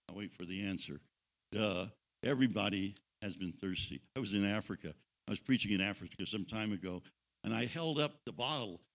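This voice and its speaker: A man preaching a sermon, dropping to hushed intimate tones and building up again, asking the congregation questions and joking with them. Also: fairly low pitch. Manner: dynamic pacing, drops to hushed intimate tones then builds.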